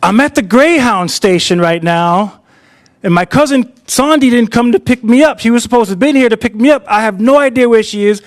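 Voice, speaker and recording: Male storyteller quoting a nervous stranded young woman: apologetic, insistent, high. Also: a little fast, no room sound, studio quality. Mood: pleading. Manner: pleading, apologetic. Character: anxious young woman stranded at bus station. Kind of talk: quoted dialogue in live storytelling.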